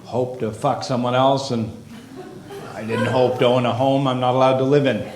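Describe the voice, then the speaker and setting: A man doing a stand-up comedy routine on stage, ranting with heavy profanity and rising to shouted exasperation. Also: mid-range voice, little pitch movement, normal speed, heavy background noise. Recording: echoey live club with crowd. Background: audience laughter.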